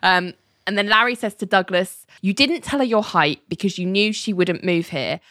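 A woman co-hosting a podcast casually recaps a TV episode, acting out the characters' lines and laughing often. She's animated, with a mid-range voice and moderate pace, recorded in clean studio sound with no echo.

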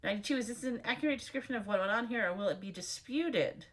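A woman's voice: a little high, fast. A woman reading out a list of numbered editor's notes, breaking in with dry, sarcastic asides. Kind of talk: reading aloud with wry asides.

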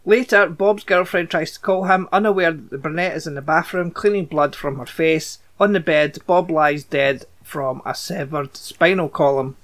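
A man's voice: fairly high pitch, normal speed, few pauses, fairly bright tone. A Scottish man co-hosting a casual podcast, reading plot recaps with dry, blunt asides. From Scotland. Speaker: podcast co-host.

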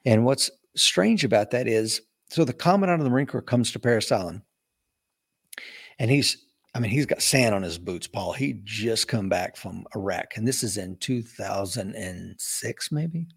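Guy telling old stories in an interview, acts out quotes, pretty lively. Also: on the low side, moderate pace, creaky, slightly rough. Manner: animated storyteller acting out quoted voices. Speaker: interview guest, retired Marine officer. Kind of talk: casual storytelling interview.

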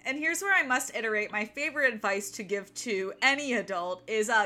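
A woman's voice: on the high side, expressive, a little fast, hardly any pauses, sharp tone. A young woman co-hosting a casual book podcast, chatty and sarcastic, full of "like" and "um". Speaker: podcast co-host. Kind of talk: casual book-club chat.

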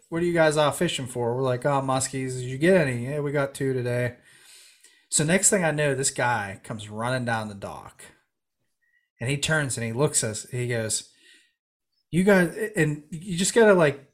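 A man telling a long fishing story in casual chat, acting out the people in it. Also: medium pitch. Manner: animated storyteller, acts out quoted voices. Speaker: podcast guest telling a story.

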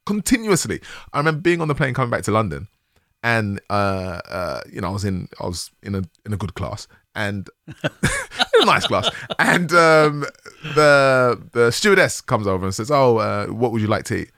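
A man hosting a podcast, telling a story in a casual, animated way with bursts of laughter. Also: on the low side, moderate pace, vocal fry, dry recording, clean studio sound. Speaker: podcast host.

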